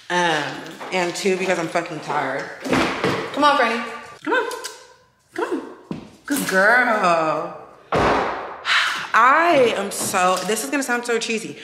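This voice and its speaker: A young woman vlogging in a casual, chatty way, blunt and swearing freely, tired and a bit hoarse from losing her voice. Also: fairly low pitch, background noise. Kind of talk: casual vlog chat.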